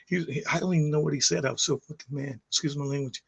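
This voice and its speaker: A middle-aged man tells his story straight to the camera for his channel, a vlog with no script. His voice is gravelly and sits a little high for a man, and he rambles and restarts, heated as he goes. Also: quick pace, few pauses. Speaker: YouTube vlogger.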